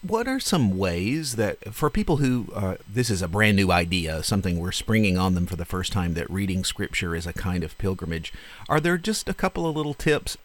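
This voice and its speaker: A man hosting a radio interview, unhurried and affirming, a little halting as he frames his questions. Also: sits low, sing-song. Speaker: radio show host.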